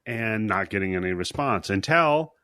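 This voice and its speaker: A man hosting a podcast in casual chat, his pitch swinging widely as he recounts scenes. He swears freely and plays out the characters' lines. The sound is close and dry. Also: normal speed, clean tone, no room sound. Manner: animated, profane, acts out characters. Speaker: podcast host.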